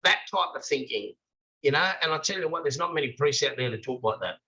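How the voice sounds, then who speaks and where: A man's voice: a little high, animated, fast, vocal fry, bright, forceful tone, dull audio. An older man from Australia, an author speaking passionately and emphatically in an interview, asking rhetorical questions over a video call. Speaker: author guest.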